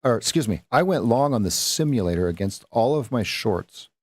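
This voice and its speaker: A man's voice: mid-range voice, lively intonation, normal speed, darkish tone, slightly rough, no room sound. A man coaching viewers through live trades on a stream, talking in a rambling, self-correcting way and throwing in playful sound effects. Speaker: trading coach. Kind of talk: live-stream market commentary.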